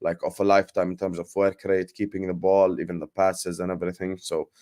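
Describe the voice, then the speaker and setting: A young man hosting a casual football debate livestream, animated and full of banter and fillers, while fasting. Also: low-pitched. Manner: animated, banter-heavy, lots of filler phrases. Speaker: football podcast host.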